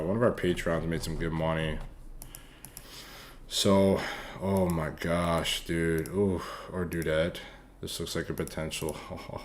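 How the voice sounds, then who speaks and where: Deep-voiced man hyping stock charts. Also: slight background noise. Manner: loose, profane and hyped. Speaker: stock trading streamer. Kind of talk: casual live stock chart review.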